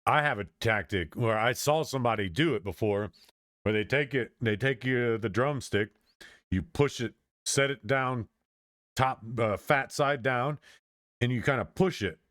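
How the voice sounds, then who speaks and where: A man's voice: mid-range voice, measured pace, fairly bright tone, no echo, studio quality. A man streaming, giving casual chatty reaction commentary and laughing often.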